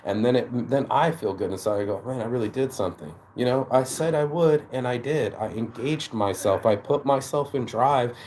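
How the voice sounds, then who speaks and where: A man's voice: mid-range voice, moderate pace, hardly any pauses, a little mellow, a little hiss or hum. A man hosting his own channel, delivering a casual motivational monologue in a blunt, profane way, full of stammered restarts. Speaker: channel host.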